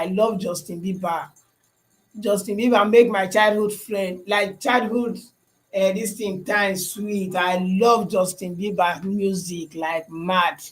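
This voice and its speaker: A young man with a Nigerian accent that slips into Pidgin chats with his livestream viewers. His voice sits high for a man, and he keeps repeating lines and checking "you understand?". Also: poor audio. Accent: Nigerian English with Pidgin. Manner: repetitive, asks "you understand?". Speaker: livestream host. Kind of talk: casual livestream chat with viewers.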